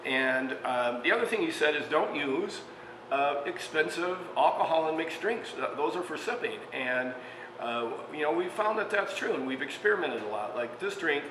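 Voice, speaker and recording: A man's voice: a little high, lively intonation, moderate pace. A man hosting a casual cooking show as a restaurant chef, chatting and telling stories with lots of fillers and little chuckles. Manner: chatty storyteller, frequent fillers, chuckles mid-sentence. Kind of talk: casual cooking demonstration with anecdotes. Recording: echoey room with long reverb, faint background hum.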